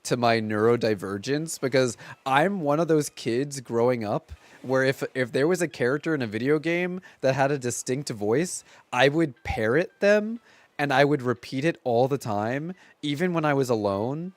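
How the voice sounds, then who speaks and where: Animated man chatting on a live stream. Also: mid-range voice, moderate pace, no room sound. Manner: animated, rambling, lots of "like" fillers. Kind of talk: casual live-stream chat.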